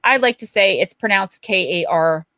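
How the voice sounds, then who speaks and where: Woman, 40s, oracle reader, chatty and warm-humored, dry close sound. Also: mid-range voice, normal speed, no room sound. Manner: chatty, reassuring, joking. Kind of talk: live-stream card reading.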